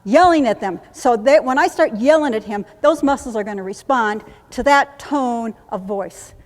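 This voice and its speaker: A woman giving a live training demonstration at a conference, coaching in a brisk, commanding way with chanted repetitions. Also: fairly high pitch, lively intonation. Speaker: workshop presenter. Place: conference room. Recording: long hall reverb.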